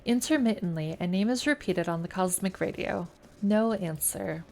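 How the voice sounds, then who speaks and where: Faint music sits behind a US woman voicing a game's text on stream at medium pitch with vocal fry. She keeps her reading calm and measured, chatting casually between passages.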